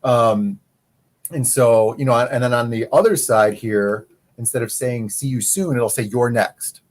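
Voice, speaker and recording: A man co-hosting a casual comics livestream, talking in a relaxed, rambling way with deadpan jokes. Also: medium pitch, unhurried, rough recording. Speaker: co-host.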